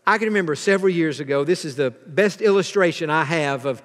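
High-voiced man preaching in a big hall. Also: fast, fairly bright tone. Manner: earnest preaching, leads congregation in responses. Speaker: pastor. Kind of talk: sermon.

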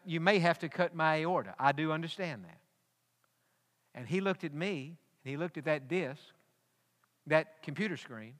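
A man preaches a sermon with a high, bright voice. He tells a personal story and builds to emphatic peaks. His words ring out with the long reverb of a large church hall. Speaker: pastor.

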